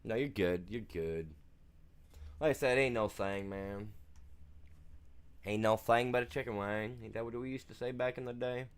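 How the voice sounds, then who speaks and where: A man's voice: medium pitch, normal speed, pauses often, smooth. A man streaming a farming game, chatting casually in a laid-back, rambling, slangy way. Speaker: gaming streamer. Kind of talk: casual chat while gaming.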